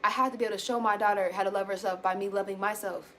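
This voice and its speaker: Blunt, bright-voiced woman venting candidly. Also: medium pitch, very fast, slight background noise. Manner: blunt, swears casually, animated storytelling; addresses viewers as y'all. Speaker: self-help vlogger.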